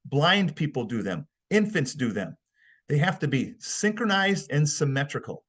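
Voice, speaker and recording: Male webinar instructor, husky tone, conversational and emphatic, acts out examples. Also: a little high, big pitch swings, moderate pace, a bit bright. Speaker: behavioral analysis instructor. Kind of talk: webinar lecture.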